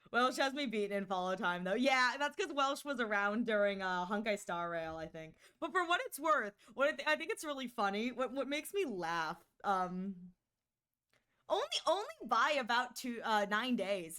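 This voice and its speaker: A woman's voice: on the high side, bright, forceful tone, clean tone. A woman streamer chatting casually with her viewers, giggling often, rambling and apologizing with many restarts. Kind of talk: casual chat with live chat.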